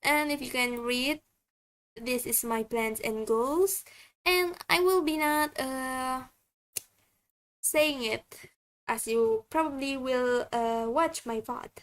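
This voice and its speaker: High, slow-talking woman. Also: smooth. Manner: halting, chatty. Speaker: streamer. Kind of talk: casual stream self-introduction.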